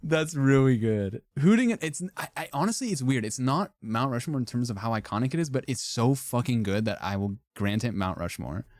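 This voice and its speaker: A man's voice: mid-range voice, animated, fairly quick, hardly any pauses, no room sound, clean studio sound. A young man streaming casual commentary, reacting offhand and wryly to phrases he ranks, with frequent swearing and laughter.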